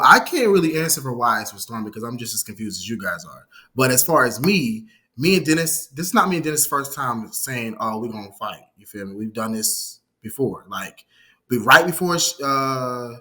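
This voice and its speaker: A former assistant in his thirties appears as a guest on a casual interview, telling a story with lots of energy. He acts out what other people said and keeps saying "you feel me," speaking at normal speed in a mid-range voice.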